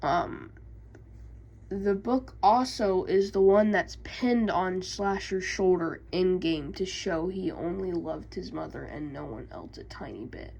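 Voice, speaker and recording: A woman's voice: lowish voice, takes it slowly, vocal fry, darkish tone, husky, poor audio. A woman casually recapping video game lore, hesitant, with many fillers and self-corrections. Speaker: YouTube creator.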